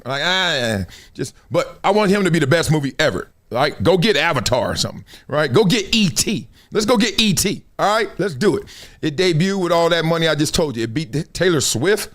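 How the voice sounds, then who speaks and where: A middle-aged man hosting a live sports and culture stream, talking in loose slang with loud bursts and low asides. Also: fairly quick. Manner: animated, slangy, jumps between loud bursts and low mutters. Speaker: show host.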